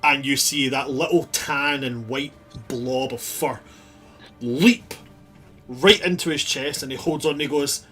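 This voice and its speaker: A man narrating as game master of a tabletop game, lively and laughing as he tells the scene. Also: a little high, measured pace, breathy edge, faint music behind. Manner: animated, laughing storyteller.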